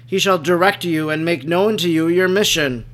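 Jesus, a gentle and solemn grown man, read by a male narrator in a devotional audiobook. He speaks in calm, archaic scriptural phrasing, in a rather high voice. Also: moderate pace, close to an everyday voice.

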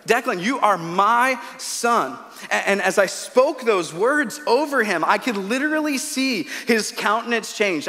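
A man in his thirties preaching a sermon in a church auditorium. His voice sits fairly high, and he tells stories casually, often restarting mid-phrase. A long hall reverb trails behind his words. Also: a bit bright. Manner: conversational storytelling with repeated restarts. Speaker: pastor.

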